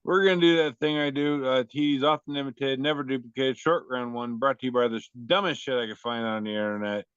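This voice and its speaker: A laid-back man co-hosting a podcast, presenting memes with salty, self-deprecating humor. His voice sits at a middle pitch, and the recording sounds dry and a little dull. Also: fast, hardly any pauses, a bit bright, smooth, dry recording. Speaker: podcast co-host. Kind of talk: casual chat presenting memes.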